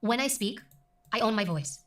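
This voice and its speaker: A middle-aged woman who works as a news presenter, talking emphatically and deliberately as an interview guest. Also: a little high, animated, fairly bright tone, echoey room, far from the mic. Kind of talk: conversational interview.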